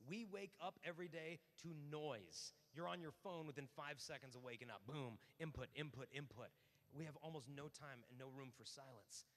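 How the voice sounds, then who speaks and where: A man in his thirties giving an animated talk at a youth conference, telling stories and acting out quick exchanges with lots of fillers. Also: mid-range voice. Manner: storytelling with acted-out voices and many fillers. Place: large hall. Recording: hall reverb.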